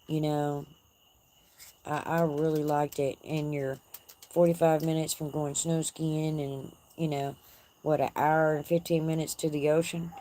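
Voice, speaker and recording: A woman's voice: sits low, little pitch movement, unhurried, dark tone, a little hiss or hum. A woman with a Texan accent hosting a casual live stream from her porch, folksy and chatty with her viewers. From Texas. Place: outdoor porch at dusk.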